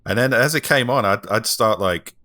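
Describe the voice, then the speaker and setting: A man's voice: fairly low pitch, moderate pace, bright, forceful tone. A man co-hosting a podcast, telling stories in a dry, joking way. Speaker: podcast co-host. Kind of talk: casual chat.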